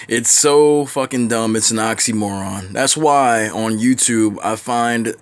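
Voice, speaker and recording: A man delivers an opinionated reaction commentary, blunt and ranting, with frequent swearing. His voice sits at an ordinary middle pitch for a man. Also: takes it slowly. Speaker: commentary vlogger.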